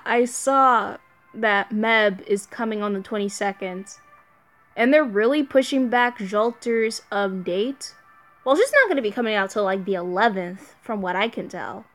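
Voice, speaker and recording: A woman's voice: fairly high pitch, a bit bright. A young woman streaming a mobile game, chatting casually and answering her viewers. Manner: chatty, reads viewer chat aloud. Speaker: let's play streamer.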